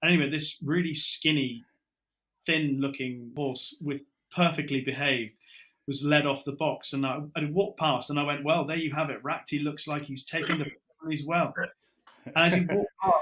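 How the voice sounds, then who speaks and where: A middle-aged British broadcaster spins stories in an easy podcast chat. His voice is bright and clear. He slips into the lines he and others said as he tells each tale. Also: on the high side, moderate pace. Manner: lively storyteller, acts out his own quotes. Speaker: broadcaster guest. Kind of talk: casual podcast chat, anecdotes.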